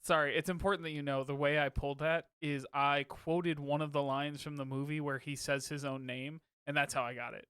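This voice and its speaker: A man's voice: a little high, level tone, brisk, few pauses, fairly bright tone, smooth, no echo, clean studio sound. A man co-hosting a podcast, chatting casually and self-deprecatingly over a video call and laughing easily. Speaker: podcast co-host. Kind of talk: casual chat.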